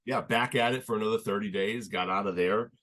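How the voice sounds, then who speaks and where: A young man chatting as a podcast guest, telling his story in an earnest, halting way with many restarts. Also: lowish voice, fairly even intonation, fairly bright tone. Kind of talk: casual conversational storytelling.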